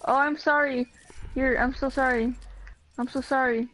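Brief: high-voiced woman gamer, teasing, dramatic, faint hiss on her mic. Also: steady tone, moderate pace, a bit bright, low-quality recording. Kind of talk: casual gaming voice chat.

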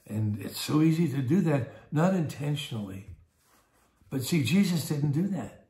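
An older man leads a Bible study as pastor in a fairly high voice, chatting through his points and often repeating words. He acts out little everyday scenes as he teaches. The room around him is echoey. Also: darkish tone.

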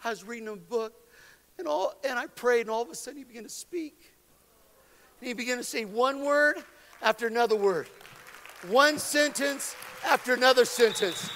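Pastor guy preaching in a church, really high bright voice, big hall reverb, gets shouty. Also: normal speed, a little hiss or hum. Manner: impassioned preaching, building to shouted exhortations; stammering restarts and repetition. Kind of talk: sermon. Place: church sanctuary. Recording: long reverb of a large hall.

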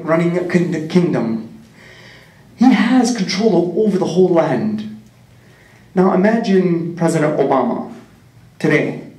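A man's voice: fairly high pitch, darkish tone, far from the mic. A man tells a religious story to a community, earnestly asking his listeners rhetorical questions. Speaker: community speaker. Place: large prayer hall. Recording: echoey hall, mic set back.

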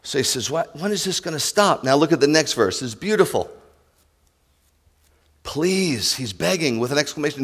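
A male rabbi preaching a sermon to his congregation, impassioned, swinging from loud declarations to hushed asides. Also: fairly high pitch, lively intonation, normal speed, pauses often, breathy edge, long reverb tail. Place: congregation sanctuary.

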